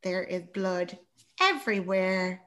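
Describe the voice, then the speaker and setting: A woman's voice: medium pitch, animated, slow pace, sharp tone. Sweary woman recapping a film. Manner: chatty and sweary, acting out quoted lines. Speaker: podcast host. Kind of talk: casual chat retelling a film.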